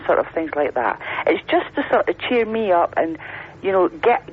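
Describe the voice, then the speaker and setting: A middle-aged woman from Scotland with an Edinburgh accent, calling in to a radio phone-in and coaxing the host in a chatty, giggly way. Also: lowish voice. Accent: Scottish, Edinburgh. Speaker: caller. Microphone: telephone. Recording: lo-fi phone line with faint hiss.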